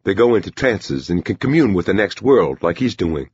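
A man's voice: low-pitched, sing-song, moderate pace, a little mellow, slightly rough, no room sound, pitched above the performer's own voice, heavily acted. A man voicing a chatty, curious young waitress with an eager, questioning manner. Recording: dull lo-fi recording.

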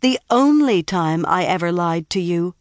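Woman putting on a poised young woman, lifted pitch, amused and condescending, dry storybook reading. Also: animated, unhurried, no room sound. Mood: stern. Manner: cool and amused. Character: calm self-assured young woman, condescending.

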